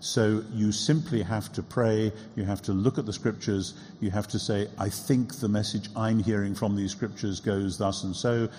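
A bishop speaks in a low, mellow voice, measured and reflective. His words carry a long reverb from a large hall. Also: steady tone. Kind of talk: reflective conversation.

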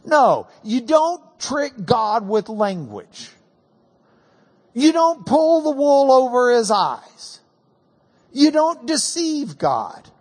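An animated male pastor preaching in a high, lively voice, slow and deliberate, stammering as he builds emphasis. His tone is a bit husky, and a long reverb trails each phrase in a large room. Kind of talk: sermon.

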